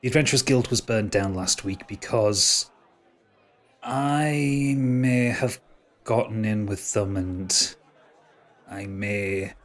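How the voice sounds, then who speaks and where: A man voicing a wary, secretive female elven ranger in a tabletop game, in a blunt, low-key way. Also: slow pace, fairly bright tone, a faint crowd. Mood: guarded.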